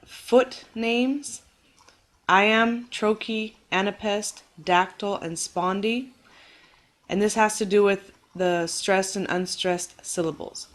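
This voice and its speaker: A woman teacher giving a recorded lecture, explaining patiently and clearly and reassuring her students, exaggerating the stress on words when she demonstrates rhythm. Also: medium pitch.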